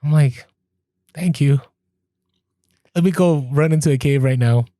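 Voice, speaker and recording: A man co-hosting a podcast, telling a story in casual chat, animated, laughing as he goes and acting out what people said. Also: fairly high pitch, a little slow, no room sound, clean studio sound. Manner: animated, laughs through stories, acts out quoted lines. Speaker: podcast co-host.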